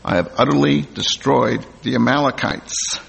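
A man delivers a sermon, reading verses aloud and then explaining them to his listeners. His voice is gravelly and husky. The sound carries a long reverb, as in a large hall. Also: mid-range voice, normal speed, a bit bright. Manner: reads scripture aloud, then comments plainly to the congregation. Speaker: preacher.

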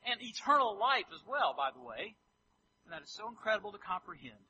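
A man preaching a sermon, animated and acting out scripture quotes in different voices. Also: high voice, brisk, highs cut off, slight background noise.

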